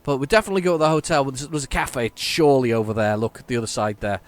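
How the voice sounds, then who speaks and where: A man's voice: medium pitch, rapid-fire, dry recording. A man hosting a gaming channel, giving casual, playful commentary as he narrates his driving aloud.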